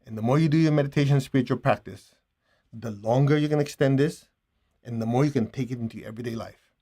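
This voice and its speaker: A man leading a guided meditation and spiritual teaching, speaking calmly and gently in a relaxed, conversational way. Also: mid-range voice. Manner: calm, gentle, unhurried.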